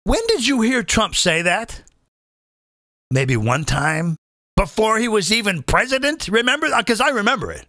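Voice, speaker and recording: Male comedy host, high and bright, big pitch swings, dry close sound, profane rant. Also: moderate pace, dry recording. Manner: animated, profane, addresses viewers as folks. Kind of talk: live comedic political rant.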